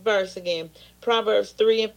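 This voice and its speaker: A woman's voice: medium pitch, steady tone, unhurried, vocal fry. A woman pastor preaching an impassioned sermon, often turning into pleading prayer.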